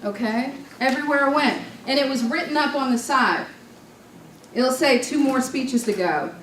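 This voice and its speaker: A woman from New York leads a club training session in a fairly high voice, joking and storytelling as she goes. Her voice is picked up by a mic some distance away, so it sounds roomy. Faint room noise sits underneath. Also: moderate pace, fairly bright tone. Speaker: leadership training presenter.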